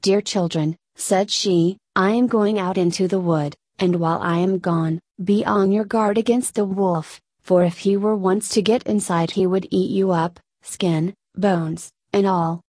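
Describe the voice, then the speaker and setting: A woman reading a classic fairy tale aloud in an even, unhurried storybook manner. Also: medium pitch, slightly rough, no echo.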